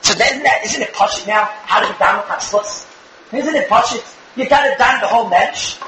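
A young man giving an animated religious lecture to a live audience, firing rhetorical questions with bursts of shouting. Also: sits high, normal speed, reverberant, a little hiss or hum, poor audio. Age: young adult. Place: room with an audience.

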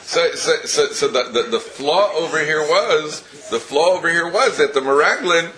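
Animated man teaching a Torah class. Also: on the high side, normal speed. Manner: animated storyteller, many restarts and chuckles.

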